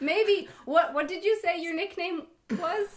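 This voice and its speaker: Casting: female host, very high voice, giggly, chatty, casual interview. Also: a little slow. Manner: giggly, chatty, filler-heavy.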